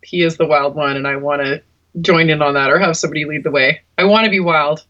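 A woman singer chatting casually in an interview, giggly and warm-hearted, in dull, muffled audio. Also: low-pitched, steady tone, fast.

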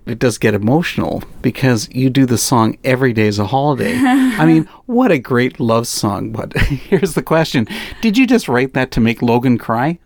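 A man with a mid-pitched voice interviews a musician, asking friendly, teasing questions. The recording is dry and close. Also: expressive, normal speed, darkish tone, no room sound.

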